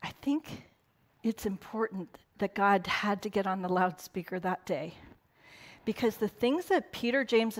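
A middle-aged woman pastor giving a casual sermon in a conversational way, with laughing asides. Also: mid-range voice. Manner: conversational, laughing asides, quotes in put-on voices.

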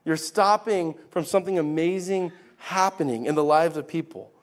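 A man's voice: a little high, normal speed, lightly acted. A man voicing a teacher who firmly corrects his followers with an emphatic rebuke. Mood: stern.

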